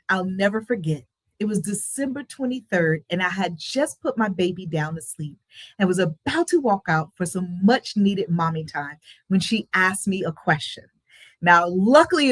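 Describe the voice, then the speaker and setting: A woman's voice: medium pitch, no echo. A woman giving a motivational talk, telling a personal story with emotion and expression. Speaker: motivational speaker.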